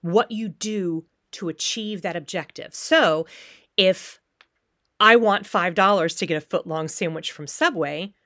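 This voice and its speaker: A woman with a lowish voice teaches acting in a recorded lecture, and she slips into short acted-out pleas and threats to show each point. The sound is dry and close, with no room echo. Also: a little slow, bright, forceful tone. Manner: acts out short quoted pleas and threats as examples. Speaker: theater teacher.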